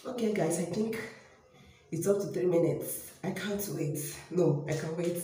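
A young woman with a Nigerian accent, vlogging casually to her viewers at home, excitable and repeating herself as she talks straight to them. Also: on the low side, a little slow. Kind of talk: casual vlog talking to camera. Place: home room by a toilet, indoors. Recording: very echoey small room.

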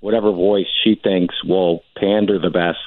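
A measured, skeptical man in his fifties, from New Jersey, calling in over a tinny phone line. His voice sits low and the line is dry and narrow. He weighs each point as a political journalist. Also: fairly even intonation, no room sound. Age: 50s. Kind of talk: phone-in interview. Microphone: telephone.

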